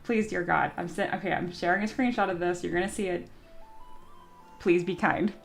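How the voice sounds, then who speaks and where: A young woman streams from her desk mic, chatting loosely with her viewers. She laughs easily, pokes fun at herself and swears without a second thought. Soft music plays faintly underneath. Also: fairly low pitch, steady tone, normal speed, gravelly. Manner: giggly, self-mocking, swears freely. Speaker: streamer and 3D sculptor. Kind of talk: casual live-stream chat.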